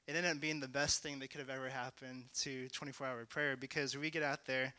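A young man sharing a testimony in a casual, rambling way, full of "like" and "you know", at times rising to shouting. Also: medium pitch, flat delivery, a little fast, smooth, no room sound. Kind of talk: testimony talk.

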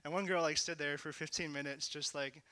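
A young man tells his testimony in a loose, chatty way, filling his sentences with "like" and "you know". His voice is bright and crisp, a little high for a man. It sounds close and dry, with no room around it. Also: fairly even intonation, brisk, no room sound. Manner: casual, lots of "like" and "you know", rising to shouts. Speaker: speaker sharing a testimony. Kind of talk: testimony talk.

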